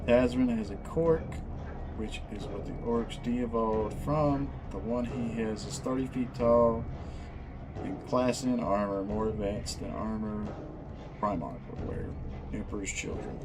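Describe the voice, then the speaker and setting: A man's voice: fairly low pitch, fairly even intonation, a little slow, background noise. A man casually chatting while he assembles miniatures. He is laid-back and profane and laughs often. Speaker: channel host.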